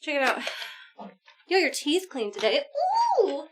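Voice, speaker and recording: A young woman co-hosting a live stream, chatting loudly and excitedly, swearing and laughing a lot. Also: high voice, unhurried, background noise. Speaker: livestream co-host. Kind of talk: casual stream chat.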